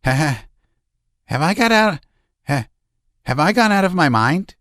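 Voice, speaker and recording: Man voicing a hysterical, anguished gentleman. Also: sits low, steady tone, a little slow, dry recording. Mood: hysterical laughter. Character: hysterical young gentleman laughing and sobbing.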